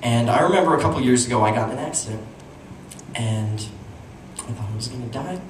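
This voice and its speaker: A young comic from Utah, mid-range voice, talks a little fast as he tells stories and chats with the audience in an animated stand-up set at a comedy club. Audience laughter and room noise come through a distant mic in an echoey, noisy space.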